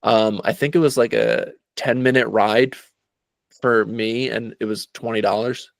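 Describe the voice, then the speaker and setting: A man chats casually on a podcast, relaxed and halting, and fills his pauses with small hesitations. His voice sits on the low side. The sound is dry and close to the mic. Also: gravelly, no room sound. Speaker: podcast co-host. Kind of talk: casual chat.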